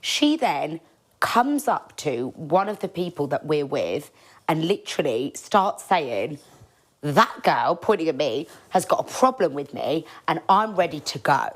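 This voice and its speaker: A woman hosting a casual podcast, retelling a night out as a lively, animated story. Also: sits low, a little slow. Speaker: podcast host.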